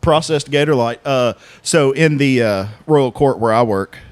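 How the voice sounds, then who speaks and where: A young man telling profane stories in a deadpan way as a podcast co-host. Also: mid-range voice, measured pace, no echo. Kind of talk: casual chat.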